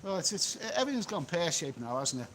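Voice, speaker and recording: A man's voice: on the high side, big pitch swings, fast talker, a bit bright, slight background noise, low-quality recording. A man doing a rambling live-stream chat, reading out and answering viewer comments by phone from an outdoor beach cafe. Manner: chatty, rambling, repeats himself. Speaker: travel vlogger.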